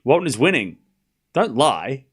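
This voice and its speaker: Calling tennis live for a watchalong stream, this casual young man has a mid-range voice that's a bit slow with a breathy edge. His play-by-play is relaxed, and he teases his chat and breaks into laughter.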